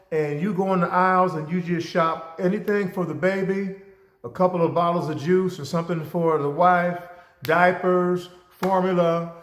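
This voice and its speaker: A man giving a storytelling lecture, animated and asking rhetorical questions. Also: high-pitched. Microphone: camera. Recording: roomy echo.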